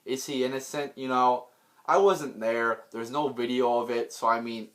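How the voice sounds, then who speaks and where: A man's voice: medium pitch, steady tone, moderate pace, fairly bright tone. A man delivering an unscripted political rant, blunt and profane, rambling with many restarts and repeated words. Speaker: political vlogger.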